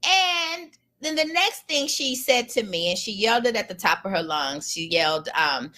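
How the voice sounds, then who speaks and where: Bright-voiced woman telling an emphatic story. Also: on the high side, moderate pace, hardly any pauses. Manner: animated, emphatic, colloquial storytelling. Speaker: lawyer telling a personal story. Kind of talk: personal storytelling.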